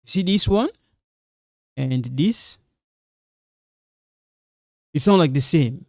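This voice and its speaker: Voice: mid-range voice, lively intonation, slow, long pauses, darkish tone, no room sound, clean studio sound. A French teacher giving a pronunciation lesson in non-native English, repeating sounds, checking in with "okay?" and warning the learners to be careful. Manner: warns students again and again to be careful.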